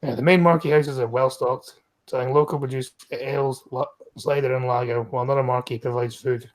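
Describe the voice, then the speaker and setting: A man's voice: mid-range voice, steady tone, brisk. A Scottish man reading news stories aloud on a stream, breaking off with blunt, profane, mocking remarks. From Scotland.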